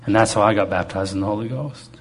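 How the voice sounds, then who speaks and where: With a low, husky voice and a fast delivery, a man tells a congregation humorous stories from his life. His sermon is testimony-style and conversational.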